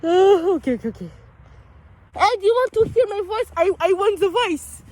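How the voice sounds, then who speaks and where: A woman's voice: extremely high pitch, lively intonation, moderate pace, darkish tone. A young French woman vlogging outdoors in a city, talking with a French accent, playful and teasing with big exaggerated reactions. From France. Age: young adult. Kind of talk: playful street vlog.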